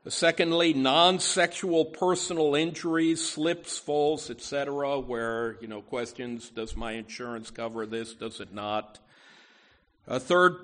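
A man's voice: mid-range voice, a bit bright. A man preaching a sermon, emphatic, often adding "you know" asides, with words that swell and drop.

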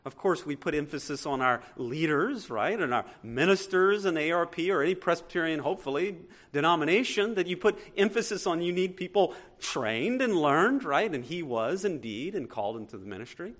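A man's voice: a little high, expressive, a little fast, hardly any pauses, fairly bright tone. A male pastor preaching a sermon, reading scripture aloud and asking the congregation rhetorical questions with emphatic delivery.

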